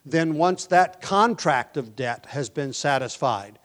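Preacher with soft, hushed delivery. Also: male voice, on the high side, animated, takes it slowly. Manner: shifts between hushed, soft passages and loud emphatic lines; restarts and repeats words while explaining. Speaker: pastor. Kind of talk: sermon.

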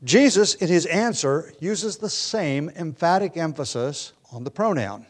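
Relaxed, conversational male Bible teacher. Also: fairly high pitch, measured pace, hardly any pauses. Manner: relaxed and conversational, with frequent ums and restarts. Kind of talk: Bible study lecture.

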